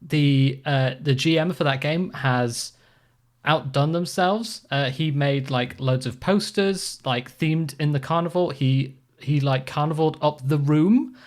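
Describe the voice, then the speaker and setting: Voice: mid-range voice, unhurried. A podcast host catches up with co-hosts in a loose, easygoing ramble. The talk is full of fillers and restarts, with a self-deprecating streak. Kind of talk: casual podcast chat.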